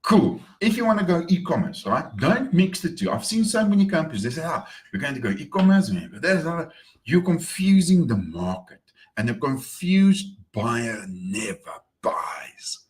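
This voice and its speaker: A man's voice: on the high side, very animated, normal speed. A man talking casually in an upbeat morning vlog, repeating words as he goes. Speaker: marketing vlogger.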